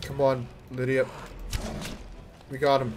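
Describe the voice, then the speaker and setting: A man streaming himself playing a game, reacting loudly and swearing at what happens on screen. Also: mid-range voice, takes it slowly, noisy background. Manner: excitable, swearing, shouting at the game. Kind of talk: live gameplay commentary.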